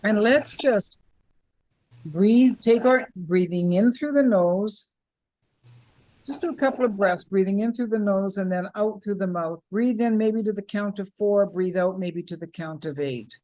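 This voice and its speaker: Woman from Canada, voice coach, lively online workshop leader demonstrating breath and sounds. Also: mid-range voice, a little slow. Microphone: video call.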